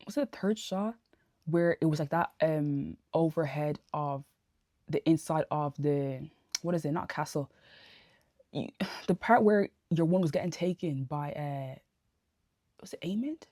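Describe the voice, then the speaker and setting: A woman giving a casual spoken TV review into a phone camera, ranting in an animated, exasperated way full of slang. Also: low voice, unhurried, no room sound. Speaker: TV review vlogger. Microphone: phone camera held close.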